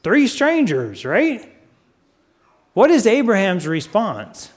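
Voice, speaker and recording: A man preaching a sermon, speaking deliberately and putting questions to his listeners. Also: high voice, huge pitch swings. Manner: asks the audience questions; unhurried, deliberate. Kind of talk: sermon teaching.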